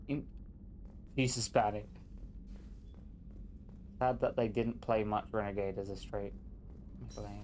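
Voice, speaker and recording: A man's voice: on the low side, steady tone, normal speed, pauses often, darkish tone, slight background noise. A man live-streaming a game, chatting casually, joking and teasing as he reads chat aloud.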